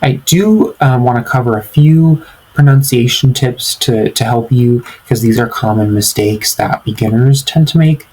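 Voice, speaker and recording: A man's voice: medium pitch, moderate pace, a little mellow, husky, low-quality recording. A man teaching beginners in a language tutorial, speaking patiently and repeating each phrase for learners to follow. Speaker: French teacher.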